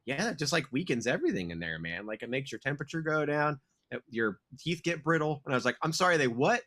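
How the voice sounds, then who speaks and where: A man's voice: medium pitch, very animated, quick pace, fairly bright tone. Laid-back swearing man rambling a story. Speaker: podcast co-host. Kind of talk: casual chat.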